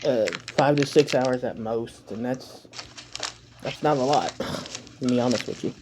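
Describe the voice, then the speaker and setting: A man's voice: mid-range voice, a little slow, background noise. A man casually reacting to a video at home, rambling, swearing and making self-mocking jokes.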